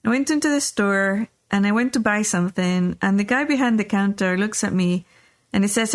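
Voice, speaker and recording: A woman's voice: mid-range voice, moderate pace. A middle-aged woman hosting a podcast, telling a personal story in a loose, rambling way with lots of fillers and restarts. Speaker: podcast host. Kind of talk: casual storytelling chat.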